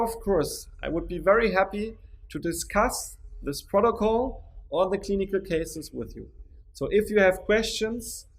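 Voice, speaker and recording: A man presenting a dental implant lecture in a webinar, then answering questions, measured and often restarting his words. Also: high-pitched. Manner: measured, with frequent restarts and hesitations.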